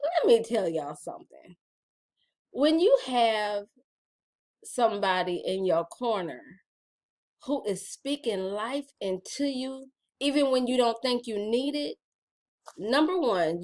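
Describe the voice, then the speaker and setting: Chatty woman with lively pitch. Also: a little slow. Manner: chatty, playful, addresses viewers as y'all. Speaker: vlogger reading her gratitude journal. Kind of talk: casual chat.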